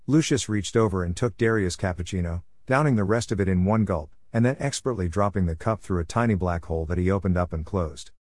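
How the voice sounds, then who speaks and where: A man narrating a story chapter in an even, measured reading style on a close mic. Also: fairly low pitch, no room sound.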